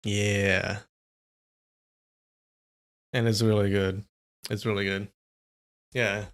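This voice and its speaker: Young man, gravelly voice, casual live-stream chat, rambling. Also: lowish voice, little pitch movement, very slow, a bit bright. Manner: chatty, rambling, answers chat.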